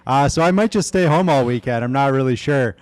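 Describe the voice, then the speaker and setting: Laid back trader dude cracking jokes, smooth dry voice. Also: male voice, mid-range voice, brisk, no echo. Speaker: trader guest on the show. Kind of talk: casual livestream chat.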